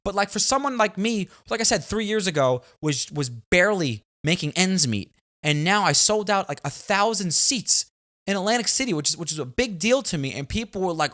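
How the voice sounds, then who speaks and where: A man hosting a casual talk show, his pitch swinging widely as he tells stories. He slips into the voices of friends and family to act out their reactions. The talk stays loose and conversational. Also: fairly quick. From New York area. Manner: animated storytelling, acts out family members. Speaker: comedian and podcast host. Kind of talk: casual chat.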